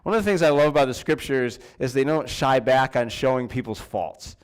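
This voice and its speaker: A man's voice: medium pitch, fairly quick, clean tone. A man preaching a sermon in a church, in a conversational way with fillers and restarts. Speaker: pastor.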